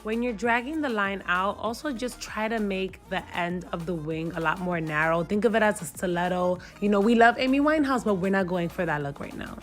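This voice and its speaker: A woman's voice: medium pitch, fairly quick, hardly any pauses. Woman comedian, playful makeup-tutorial talker who swears freely and code-switches into Spanish, light music under. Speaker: comedian and TV host. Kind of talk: casual makeup tutorial chat.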